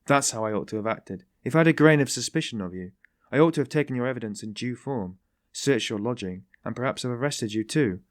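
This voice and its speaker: A man's voice: mid-range voice, lively intonation, fast, dry recording, clean studio sound, lightly acted. A man voicing a sly, genial detective who teases in a mocking, ironic way. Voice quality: tittering, mocking.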